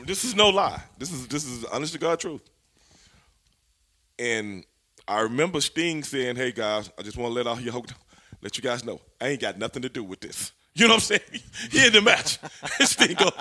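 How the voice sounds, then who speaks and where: A man, a former wrestler, telling stories as an interview guest in an animated, profane way, laughing as he goes. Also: mid-range voice. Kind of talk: storytelling in a shoot interview.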